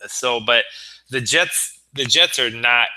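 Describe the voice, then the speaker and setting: A man's voice: medium pitch, takes it slowly, bright, forceful tone, low-quality recording. A man co-hosting a sports talk show, earnest and stammering as he builds long arguments. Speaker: podcast co-host.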